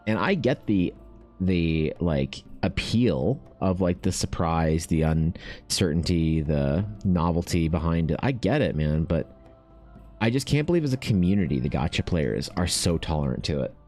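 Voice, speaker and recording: A man streaming while he paints, chatting casually and ranting with animated swearing. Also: sits low, measured pace, faint music behind. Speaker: artist streamer.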